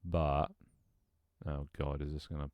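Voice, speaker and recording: A man with a very deep, low voice mutters and thinks aloud while he builds a game level on stream. He swears freely, banters with his chat, and his voice sometimes cracks. The sound is dry and close, with no room echo. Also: flat delivery, a little slow, darkish tone, smooth. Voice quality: voice cracks at times. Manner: mutters to himself, swears often, jokes with chat.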